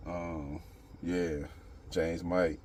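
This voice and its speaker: A man with a notably low voice talks straight to his channel's viewers in an unscripted opinion monologue. He rambles, circles back on his points, and leans on slang and the same filler phrases again and again. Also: level tone, drawn-out words, darkish tone, slight background noise. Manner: rambling, street slang, repeats "you know what I'm saying". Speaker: channel host.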